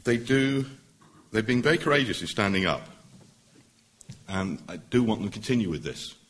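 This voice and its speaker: A middle-aged man, a barrister, giving an earnest, persuasive public speech at a meeting, pausing for emphasis. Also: on the low side, expressive, fairly bright tone.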